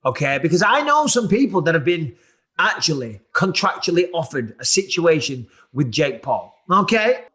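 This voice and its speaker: A man's voice: fairly high pitch, sing-song, normal speed, sharp tone, breathy edge. A man in his forties hosting a podcast, talking in a blunt, profane, challenging way. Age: 40s. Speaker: podcast host. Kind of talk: casual podcast chat.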